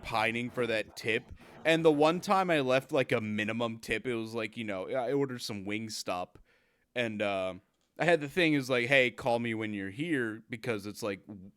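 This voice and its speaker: A young man co-hosting a casual podcast, ranting with lots of swearing and loud mocking impressions of other people. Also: mid-range voice, smooth, dry recording, clean studio sound. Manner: profane ranting, loud mocking put-on quotes. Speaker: podcast co-host. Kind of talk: casual chat.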